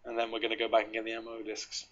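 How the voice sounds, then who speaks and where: A man's voice: on the low side, monotone, rapid-fire, a bit bright. A man from England giving casual, joking commentary while playing a video game, reading the on-screen text aloud. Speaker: gameplay commentator. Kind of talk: casual let's play commentary. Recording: dull lo-fi mic.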